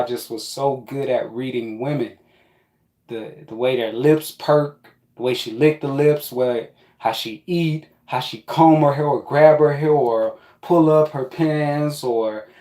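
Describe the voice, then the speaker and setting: A man tells a rambling, profane story about his past in a casual monologue. His voice sits at an ordinary pitch for a man. The room around him is echoey. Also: unhurried. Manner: profane, rambling, animated with quoted asides.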